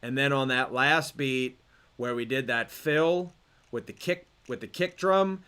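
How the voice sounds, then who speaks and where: Smooth-voiced man teaching beat production. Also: mid-range voice, unhurried. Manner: relaxed, explanatory, with fillers and restarts. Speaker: music production instructor. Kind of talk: screen-recorded tutorial.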